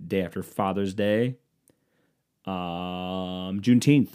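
A man's voice: low voice, steady tone, measured pace, mellow, clear, resonant tone. A man hosting his own solo comedy podcast, rambling through profane, self-mocking tangents. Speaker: podcast host.

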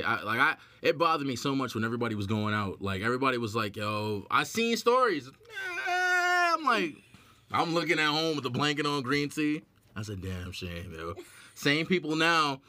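A man hosting a podcast in casual chat, animated, laughing often and acting out quoted voices. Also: medium pitch, no room sound. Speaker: podcast host.

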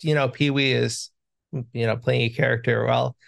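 A man's voice: medium pitch, steady tone, moderate pace, creaky, fairly bright tone, no room sound, clean studio sound. A man co-hosting a film podcast, joking in a casual, self-deprecating way. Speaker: podcast co-host.

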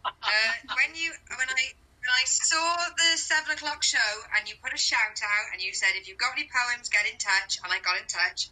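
A woman from Wales with a Welsh accent, a comedian telling a cheeky, animated story about how she started. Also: fairly high pitch, normal speed, low-quality recording. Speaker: comedian, poet. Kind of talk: casual chat.

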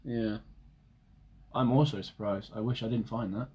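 A man, co-hosting a podcast with dry, deadpan quips in casual chat. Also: fairly low pitch, normal speed, breathy edge. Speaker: podcast co-host.

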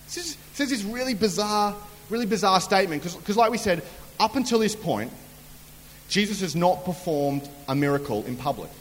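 A man's voice: sits high, lively intonation, moderate pace, slight background noise. A man preaching a humorous sermon in a chatty storytelling way, acting out quotes. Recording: long hall reverb.

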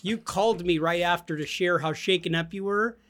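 A man's voice: high voice, a little fast, a bit bright. A man co-hosting a gaming podcast who teases and jokes with his friends. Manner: teasing, joking. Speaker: podcast co-host. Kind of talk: casual chat.

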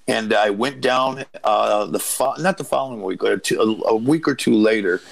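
A man's voice: fairly low pitch, moderate pace, vocal fry, rough recording. A man in his fifties, a native Portuguese speaker, telling rambling stories as a guest with many fillers and asides. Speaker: guest, former wrestler. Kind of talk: casual storytelling.

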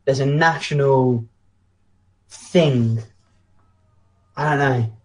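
A man's voice: medium pitch, drawn-out words, darkish tone. A British man co-hosting a casual podcast chat, blunt and opinionated, telling anecdotes. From Britain. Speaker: podcast co-host.

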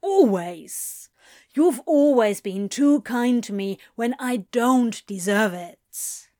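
A woman's voice: medium pitch, slow, darkish tone, no echo, clean studio sound, lightly acted. A woman voicing a male demon who talks earnestly, mumbles and whines in remorse. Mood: remorseful. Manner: earnest, mumbling, whiny confessions.

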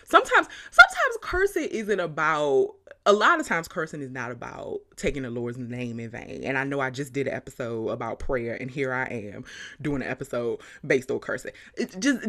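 A woman hosting her own podcast, telling stories in an animated, chatty way with frequent laughter. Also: on the low side. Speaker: podcast host. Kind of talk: casual podcast monologue.

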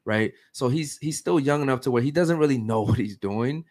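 Podcast host, man in his thirties, mid-pitched, emphatic and talkative, keeps asking "right?". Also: a little fast, a little mellow. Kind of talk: casual podcast chat.

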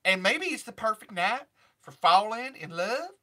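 A man's voice: high-pitched, sing-song, moderate pace, sharp tone, exaggerated voice. A man doing a brassy country gal. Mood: flirty. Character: brassy Southern country-singer woman, tough, single mom.

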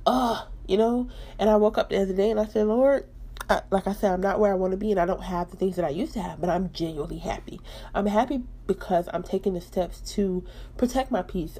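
A woman's voice: medium pitch, dark tone, slightly rough. Woman, twenties, podcast host, candid faith talk, conversational.

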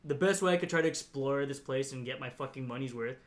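A young man chats casually on a podcast, spilling out a long story full of profanity, laughter and fillers such as "like" and "you know." His mid-range voice keeps a quick pace.

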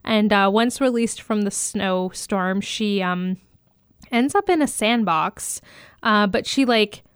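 A woman's voice: medium pitch, slow pace, clear, resonant tone, no echo, clean studio sound. A woman with a Canadian East Coast accent, co-hosting a casual podcast chat in a rambling, self-teasing way. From Eastern Canada. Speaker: podcast co-host.

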